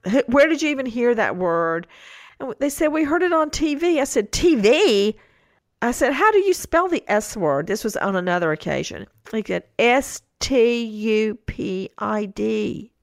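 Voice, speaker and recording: A woman's voice: a little high, animated, a little slow, no echo. Incredulous storytelling woman, dry sound. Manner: storytelling, quoting her kids with incredulous outbursts. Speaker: co-host. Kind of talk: animated true-crime podcast chat.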